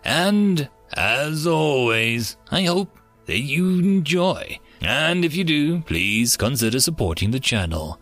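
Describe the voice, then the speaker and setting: A man narrating science fiction stories with theatrical, drawn-out emphasis, hosting his own channel. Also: a little high, big pitch swings, a bit bright, faint music behind. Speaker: story narrator. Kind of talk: scripted story narration.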